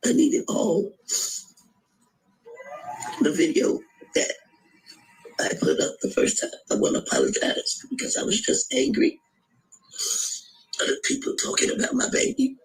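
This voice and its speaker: A grieving middle-aged woman, tearful and halting, pleading in an emotional video appeal. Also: high voice, wildly swooping pitch, poor audio. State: tearful, voice breaking. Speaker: grieving mother.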